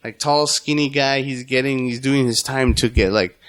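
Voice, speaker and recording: Podcast guest: man, animated storyteller, swears a lot, does the voices of people in his stories. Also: medium pitch, normal speed, dry recording. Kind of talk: casual storytelling.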